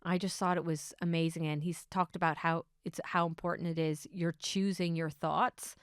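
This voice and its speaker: Low, smooth-voiced woman podcast host. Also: moderate pace, no room sound, studio quality. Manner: excitable, swings between hushed asides and bursts of enthusiasm. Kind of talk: casual solo podcast storytelling.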